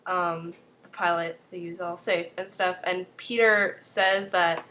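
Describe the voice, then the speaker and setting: A woman's voice: lowish voice, fairly even intonation, unhurried, sharp tone, slight background noise. A young woman casually recapping a TV episode in a vlog, chatty and leaning on "like" throughout. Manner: chatty, fills with 'like' constantly.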